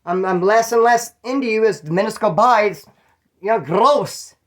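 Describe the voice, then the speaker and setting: Speaking at a normal speed in a high voice, a man from California casually recounts his time in prison. The telling is profane and slangy, wandering with restarts, and he acts out other people's lines in their voices.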